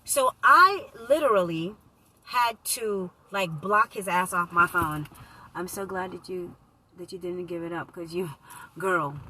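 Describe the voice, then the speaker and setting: A woman casually telling a personal story to her viewers, animated and profane, speaking into a phone. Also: on the low side, a little hiss or hum, low-quality recording. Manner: animated, profane, slips into loud quoted voices. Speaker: vlogger reading live comments.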